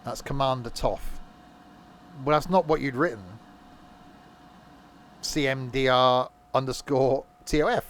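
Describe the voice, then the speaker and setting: A man's voice: mid-range voice, takes it slowly, long pauses, fairly bright tone. A man streaming a train simulator game, chatting casually and joking as he reads his viewers' messages. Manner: joking banter, reading viewers' chat. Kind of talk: casual gameplay commentary.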